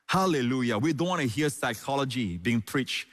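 Male pastor, sermon, mid-pitched voice, emphatic repetition, long hall reverb. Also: lively intonation, moderate pace, fairly bright tone. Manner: preaching with emphatic repeated lines and call-outs of hallelujah.

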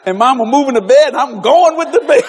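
Animated Cajun man preaching with laughter. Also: very high voice, brisk, slight background noise. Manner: animated, laughing through his stories. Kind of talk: humorous preaching with storytelling.

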